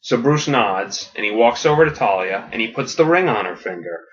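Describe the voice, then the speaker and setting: A man on a podcast retelling a comic story as a comedic pitch, animated and laughing at his own jokes, with quick character voices. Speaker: podcast host. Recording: dull lo-fi audio.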